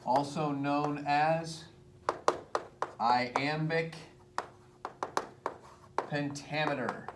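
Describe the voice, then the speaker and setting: A man's voice: a little high, steady tone, very slow, long pauses, very noisy. A male teacher explaining a poetry assignment to his class at the board in a casual, chatty way.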